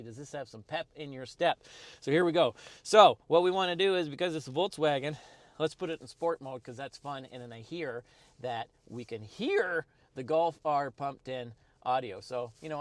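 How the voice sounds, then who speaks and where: A man's voice: medium pitch, dry recording. A middle-aged man giving a casual, upbeat car review from the driver's seat, chatty with plenty of ums and asides. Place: inside a car, driving.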